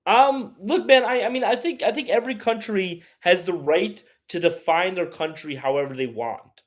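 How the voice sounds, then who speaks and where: A man's voice: high-pitched, moderate pace. A man hosting a casual live stream, rambling and opinionated as he reads chat aloud and answers it. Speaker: livestream host.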